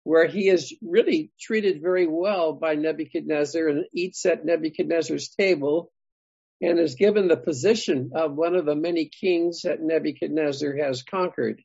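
Bible study leader for a group teaching, gravelly and a bit raspy, muffled lo-fi sound. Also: medium pitch, moderate pace, a little mellow, no echo. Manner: thinking aloud, asks the group questions.

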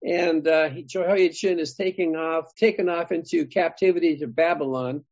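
Bible study leader for a group teaching, gravelly and a bit raspy, muffled lo-fi sound. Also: mid-range voice, steady tone, normal speed, darkish tone, no echo. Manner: thinking aloud, asks the group questions.

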